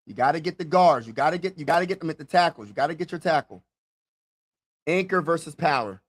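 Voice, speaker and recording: Hyped young guy doing a live draft reaction stream, chatty, keeps repeating himself, kinda high voice. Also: fast talker. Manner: excitable, talks to viewers directly, repeats himself. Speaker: streamer hosting a draft watch party.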